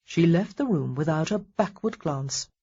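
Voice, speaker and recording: Woman reading an audiobook, wry and expressive, lowish husky voice, kinda muffled audio. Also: unhurried. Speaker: audiobook narrator. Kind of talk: scripted narration.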